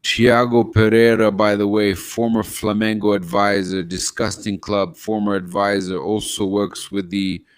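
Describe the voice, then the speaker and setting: A man from Brazil rants as a football host, very low and smooth in tone. He hammers the same indignant words again and again, dry and close to the mic. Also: little pitch movement, a little slow, few pauses, no room sound. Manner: indignant, repetitive, exclamatory. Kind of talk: ranting fan commentary.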